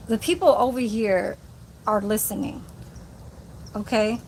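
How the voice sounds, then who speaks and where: High-voiced woman ranting on a live stream. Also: measured pace, long pauses, a little hiss or hum. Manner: profane, combative, addresses viewer directly. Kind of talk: angry live-stream rant.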